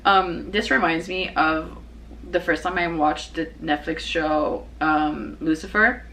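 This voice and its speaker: A young woman talks casually as the host of her own show. Her voice sits a little low, and a faint hum of ambience lies behind her. She rambles easily, restarts sentences often and laughs readily. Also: fairly even intonation, takes it slowly, pushed and bright, rough recording. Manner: rambling, chatty, many fillers and restarts. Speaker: podcast host. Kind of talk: casual personal chat.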